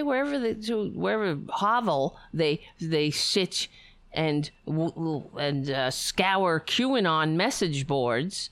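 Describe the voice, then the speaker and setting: A woman's voice: low voice, lively intonation, takes it slowly, dry recording. A woman streamer reacting to a video with sarcastic, profane commentary.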